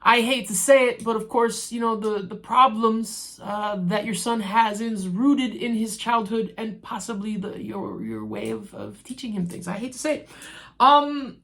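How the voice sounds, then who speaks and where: Speaking at a measured pace in a slightly high voice, a TV show reviewer offers loose, chatty commentary on a series. She rambles, laughs readily, and animatedly talks right to the characters as though they were listening.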